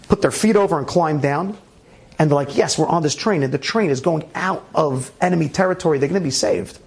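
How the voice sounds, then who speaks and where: A man with a raspy voice telling a Torah story in a lively way, with restarts and sound effects. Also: on the high side, a little hiss or hum. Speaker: Torah speaker. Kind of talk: animated storytelling talk.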